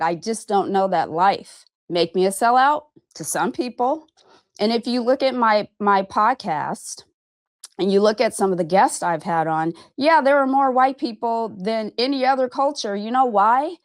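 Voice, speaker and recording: Here a vlogger and podcast host from Arizona, USA, a woman in her fifties, speaks to camera about her own life with frank emphasis, casual cursing, and a recurring "okay?". Her mid-range voice moves a little slowly, and the dry recording has clean studio sound.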